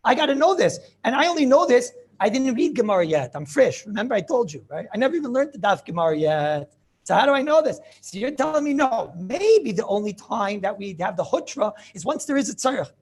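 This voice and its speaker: Man, rabbi, talmud class, animated, rhetorical questions, husky voice. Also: very high-pitched, fairly quick. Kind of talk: lively Talmud lesson to students.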